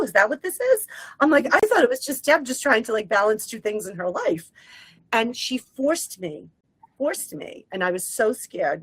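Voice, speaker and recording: Give me an emotional, animated woman medium, recorded dry and close. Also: medium pitch, no echo, rough recording. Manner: emotional, animated storytelling with sung snippets. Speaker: guest medium. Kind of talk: casual conversation.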